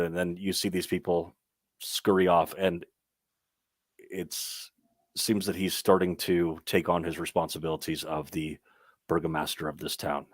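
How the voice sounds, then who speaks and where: A young man with a low voice runs a tabletop game, talking his way through the scene with plenty of ums and restarts. The sound is dry and close, with little room around it. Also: little pitch movement, measured pace, no echo. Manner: rambling, full of ums and restarts. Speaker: game master.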